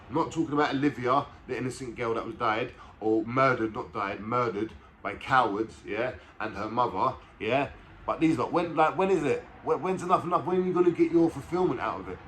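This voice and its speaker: A man speaks straight to his viewers in a reaction video. He sounds blunt and impassioned and swears freely. His pitch sits in an ordinary middle range. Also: fairly bright tone, a little hiss or hum. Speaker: vlogger.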